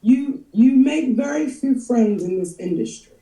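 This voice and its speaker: A middle-aged woman telling stories as a guest in a casual chat, animated, laughing often and cursing freely. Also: fairly high pitch, measured pace, far from the mic. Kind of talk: storytelling chat. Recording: echoey room.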